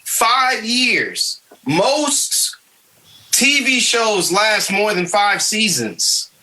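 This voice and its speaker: This is a podcast panelist in relaxed conversation who speaks at an unhurried, deliberate pace. The voice is bright and clear-toned. Points get repeated for weight, with quick "okay?" check-ins between them. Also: mid-range voice, low-quality recording. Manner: emphatic, repeats points for stress. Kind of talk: casual discussion.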